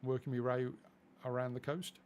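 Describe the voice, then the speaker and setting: A man's voice: mid-range voice, little pitch movement, normal speed, a little mellow, slight background noise. A man from England chatting casually through a flight simulator live stream, self-deprecating and easily distracted.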